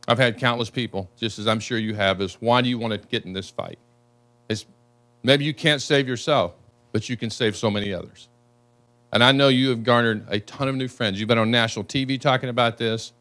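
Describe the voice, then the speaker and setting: A man's voice: mid-range voice, brisk, a bit bright. A congressman from the United States speaking earnestly and emotionally at a town hall.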